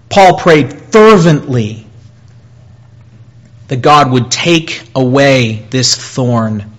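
A man delivers a sermon at an unhurried pace, his voice sitting at an ordinary middle pitch. He talks earnestly, with pauses and repeated phrases. When he voices a plea, his voice climbs higher and gets louder. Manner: earnest, with pauses and repetition, rising and louder in quoted pleas. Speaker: preacher.

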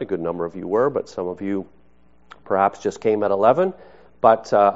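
A man preaching to his congregation in a conversational, unhurried way, with rhetorical asides. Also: medium pitch, darkish tone, muffled recording. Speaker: pastor. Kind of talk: sermon.

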